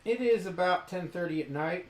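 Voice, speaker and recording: A man narrating a tabletop role-playing game as game master, describing scenes in a measured way. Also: high-pitched, lively intonation, roomy sound, poor audio.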